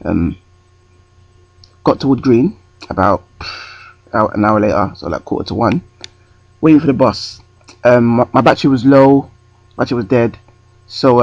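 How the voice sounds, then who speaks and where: A man tells a story straight into his webcam, wandering off track and correcting himself. His voice is gravelly and a little husky. The sound is dry and dull. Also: medium pitch, a little mellow, no echo. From North London. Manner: rambling, self-correcting. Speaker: vlogger. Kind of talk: storytime vlog. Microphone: webcam close to the face.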